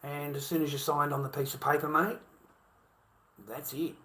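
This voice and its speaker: Middle-aged Australian man, rambling crude rant, bright and forceful voice. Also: a little high, little pitch movement, normal speed. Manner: crude, swearing, repetitive, keeps saying mate. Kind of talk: casual rant.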